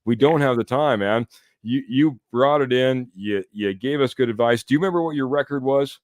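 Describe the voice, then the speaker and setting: A man's voice: medium pitch, moderate pace, dry recording, clean studio sound. A man co-hosting a casual sports podcast, upbeat and chatty, tossing "man" into nearly every sentence. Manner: upbeat, says "man" a lot. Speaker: podcast co-host.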